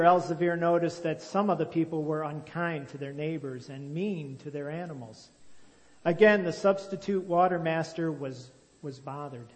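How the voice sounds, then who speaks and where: A man's voice: fairly high pitch, a little mellow. Man telling a story in a hall. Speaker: storyteller and religious teacher. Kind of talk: reading a moral story aloud, then explaining it.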